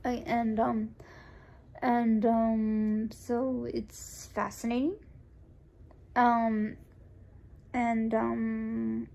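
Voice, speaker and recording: A young woman with a creaky voice on the high side speaks very slowly, leaving long pauses. Raised in the United States, she vlogs a personal anecdote in a casual, rambling way, with fillers and restarts, acting out the quoted lines of others in a lively voice.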